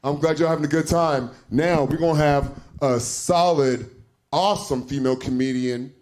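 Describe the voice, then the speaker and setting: A man hosting a live comedy show, bantering in an animated, profane way between acts. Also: on the high side, normal speed. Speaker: host and comedian. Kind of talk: stand-up hosting.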